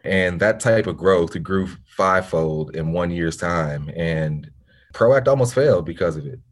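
Deep-voiced earnest man. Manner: earnest, reflective, unhurried with occasional restarts. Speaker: nonprofit founder, podcast guest. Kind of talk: conversational storytelling interview.

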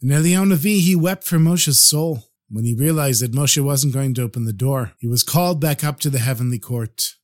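A man narrating a traditional folk tale on a storytelling podcast in an expressive, animated way. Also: mid-range voice, a little fast, few pauses.

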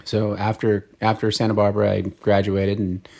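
A man with a very low, gravelly voice talks as a podcast guest. He recounts his past steadily and matter-of-factly. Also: completely flat delivery, normal speed, a little mellow. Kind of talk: casual interview chat.

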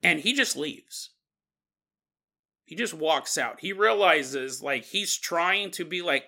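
A man's voice: fairly high pitch, expressive, slow, bright, forceful tone. A man hosting a podcast, telling a story in a casual, conversational way with lots of fillers. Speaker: podcast host.

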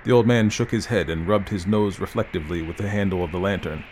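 A man with a fairly low voice narrates an old ghost story. His reading is measured and dramatic, and it builds through each sentence. A faint background hiss sits under the recording. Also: darkish tone, low-quality recording. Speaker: audiobook narrator.

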